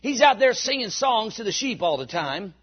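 Folksy father, offhand drawl, preacher's own voice, husky, muffled recording. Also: sits high, sing-song, moderate pace, heavily acted. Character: folksy father offering his sons.

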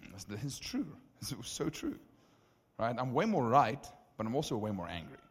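A man preaching as the preacher, telling stories in an animated, conversational way with many asides. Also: mid-range voice, normal speed, husky. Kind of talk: sermon storytelling. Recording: reverberant hall.

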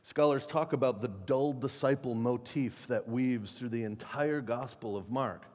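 A man preaching a sermon in a conversational, animated way, acting out quotes with sudden loud and soft turns. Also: medium pitch, unhurried, in a large hall. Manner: conversational, animated, acts out quotes with shifts in loudness. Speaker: pastor.

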